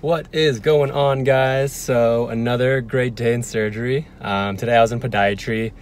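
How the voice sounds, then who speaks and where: A man's voice: medium pitch, moderate pace, a little hiss or hum. A young man in his twenties, a physician assistant student, chatting casually into a phone at arm's length, rambling with lots of fillers. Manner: relaxed, rambling, filler-heavy. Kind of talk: casual vlog chat. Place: car and home. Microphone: phone held at arm's length.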